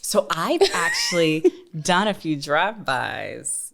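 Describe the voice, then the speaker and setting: A woman's voice: low voice, big pitch swings, slow, gravelly, fairly bright tone. A woman, co-hosting a casual podcast chat and telling rambling stories in which she quotes people. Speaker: podcast co-host.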